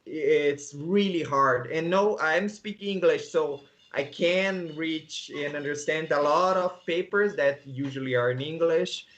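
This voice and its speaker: A Brazilian man, a Portuguese native speaker, talking casually as an interview guest in halting English with many restarts and soft laughs. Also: a little high. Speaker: guest, coffee agronomist.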